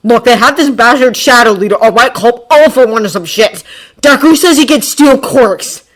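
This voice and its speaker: A woman's voice: fairly high pitch, animated, moderate pace, voice pushed up. A woman doing a snarling, foul-mouthed teen boy. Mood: furious. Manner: harsh whisper-shouting, growling. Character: furious foul-mouthed teenage boy, scowling.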